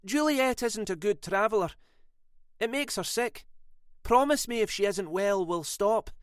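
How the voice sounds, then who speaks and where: A man's voice: very high-pitched, lively intonation, normal speed, a bit bright, smooth, no echo, voice pushed up. A man voicing an upset woman who snaps, with a strained voice close to tears. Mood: upset, snappish. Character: older woman, upset, tearful, snappish.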